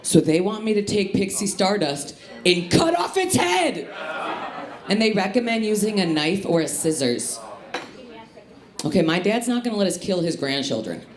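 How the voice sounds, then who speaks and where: Animated woman doing stand-up. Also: mid-range voice, moderate pace. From Chicago area. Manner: lively, animated, punchy delivery. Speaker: stand-up comic. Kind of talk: stand-up comedy set. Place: comedy club stage. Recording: live club with echo and crowd laughter. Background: laughing audience.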